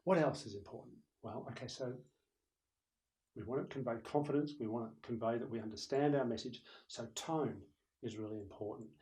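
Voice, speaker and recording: In a room with a camera operator, a man delivers a recorded lecture on presentation skills, addressing both the viewer and someone present. His mid-range voice moves fairly quickly and the audio is poor. He keeps it conversational and animated, showing what loud and soft voices sound like.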